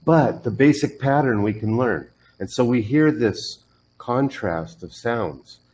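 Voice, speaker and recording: A man's voice: mid-range voice, lively intonation, slow pace, darkish tone, low-quality recording. A man teaching English pronunciation one on one, patiently modelling words and correcting the learner's drills.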